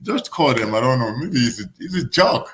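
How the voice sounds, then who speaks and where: A man in his forties from Africa, a boxer guest telling lively stories in broken English and acting out the voices of others. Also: medium pitch, a little fast, a little hiss or hum. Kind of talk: casual storytelling.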